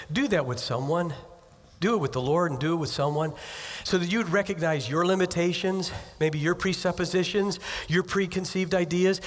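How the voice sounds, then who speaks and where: Male pastor, conversational preacher who acts out asides, slightly high voice, recorded in a reverberant sanctuary. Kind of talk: sermon. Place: church sanctuary. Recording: long hall reverb.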